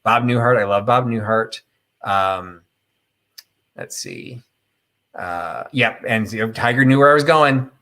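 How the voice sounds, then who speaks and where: A man's voice: on the low side, very animated, measured pace, creaky, long pauses, bright, forceful tone. A middle-aged man hosting a casual live chat, telling a rambling, opinionated story full of fillers and tangents. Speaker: host of a live chat stream.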